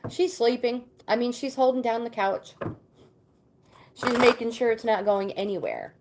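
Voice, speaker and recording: A woman's voice: fairly high pitch, very animated, background noise. Chatty woman reading tarot cards live. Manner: chatty, greets viewers by name between readings; reads card meanings aloud with pauses and fillers. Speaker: tarot card reader and livestream host.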